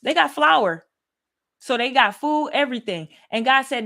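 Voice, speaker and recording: Excited woman host, high bright voice, big swings in pitch, chatty and animated Bible teacher. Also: moderate pace, creaky. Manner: animated, laughing, talks to viewers as y'all. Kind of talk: livestream Bible study, excited casual teaching.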